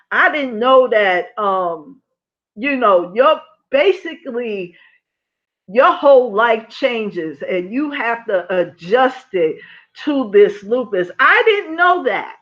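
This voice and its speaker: A woman's voice: a little high, animated, takes it slowly. A woman vlogger telling a personal story to her viewers in her apartment, chatty and often checking in with them, acting out past conversations. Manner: chatty, asks viewers "you know?" often; acts out past dialogue in her own voice. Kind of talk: casual storytelling to live viewers. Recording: dull lo-fi sound.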